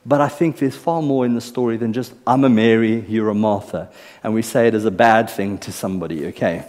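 A man's voice: fairly low pitch, a little fast, a little mellow. A South African-born man preaching a sermon from a church stage into a microphone, chatty and teasing, checking in with the congregation. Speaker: pastor. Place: church stage with long reverb. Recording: live church hall reverb.

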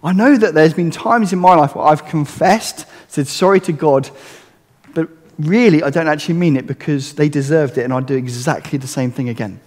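A man preaches to his congregation in an earnest, conversational way, often turning to rhetorical questions. His voice sits somewhat high for a man. The sound carries a long reverb, as in a church hall. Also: moderate pace, a little mellow. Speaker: pastor. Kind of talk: sermon.

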